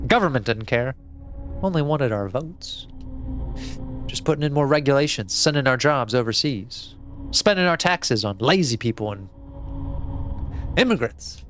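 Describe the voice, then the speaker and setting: A man's voice: mid-range voice, very animated, unhurried, pauses often, fairly bright tone, soft background music. A man doing a sinister old folksy cultist. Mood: menacing. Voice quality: shifting put-on rural drawl. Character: old male cult member, sinister and folksy. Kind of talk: reading game text aloud in voices.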